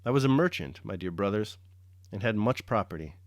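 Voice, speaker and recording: A man's voice: on the low side, expressive, brisk, no room sound, studio quality. A man reading as a meek, resigned old convict.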